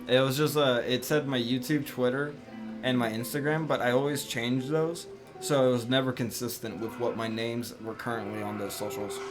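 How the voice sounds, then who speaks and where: A man's voice: medium pitch, moderate pace. A young man chatting casually and telling rambling stories while he streams a game from home. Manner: relaxed, rambling storytelling. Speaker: live streamer. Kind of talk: casual chat while gaming. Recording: music playing behind.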